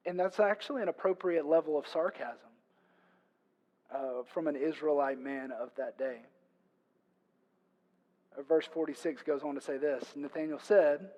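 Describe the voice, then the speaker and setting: A man preaching a sermon as pastor, conversational with playful sarcastic asides, moving between hushed tones and loud emphatic stretches. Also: a little high, normal speed, long pauses, poor audio.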